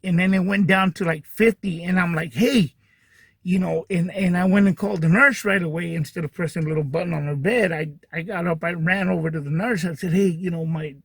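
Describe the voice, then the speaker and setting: A man's voice: high-pitched, husky, no echo. A man hosting a podcast, telling a long personal story in a rambling way full of fillers and restarts. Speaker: podcast host. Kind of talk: casual storytelling monologue.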